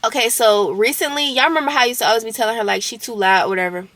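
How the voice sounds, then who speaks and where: A woman's voice: a little high, racing, a bit bright, dry recording. A young woman vlogger recounting a roommate conflict in a casual storytime, candid and indignant, with slang and swearing.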